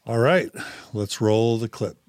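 A man's voice: medium pitch, darkish tone. Man hosting a discussion over a call. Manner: moderating, brisk, guiding. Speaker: podcast host. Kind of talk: casual discussion. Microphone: video call.

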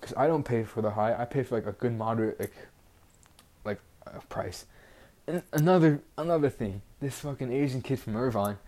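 A teen boy hosts a laid-back solo podcast at normal speed, his mid-range voice dark in tone. He rambles bluntly, sounds frustrated, and says "like" over and over.

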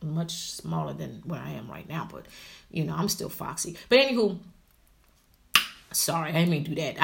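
A middle-aged woman vlogger telling a story to her viewers in a chatty, animated way, often calling them honey and y'all, going from loud bursts to hushed asides. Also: fairly high pitch, vocal fry.

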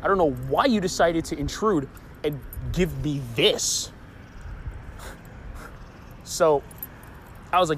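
A man's voice: fairly high pitch, expressive, a little slow, pauses often. A young man telling a story in an agitated, rambling rant, swearing often and restarting his sentences. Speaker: vlogger. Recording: noisy street background.

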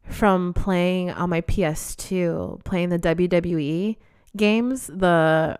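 A woman's voice: on the low side, slow pace, a little mellow, clean tone, no echo, studio quality. A woman in her twenties telling candid stories in a casual monologue. She swears freely and laughs often. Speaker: vlogger.

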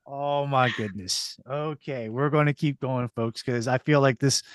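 Male podcast host, playful, stop-start phrasing, mid-pitched, dry studio sound. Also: dry recording. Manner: playful, halting with restarts. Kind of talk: casual interview chat. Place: recording studio.

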